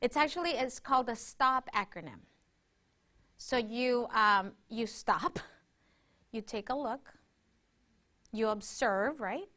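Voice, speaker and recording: This woman speaks slowly with long pauses, her fairly high voice pushed and bright. She presents a workshop, guiding a breathing exercise and teaching in a conversational, interactive way, often checking in with "right?".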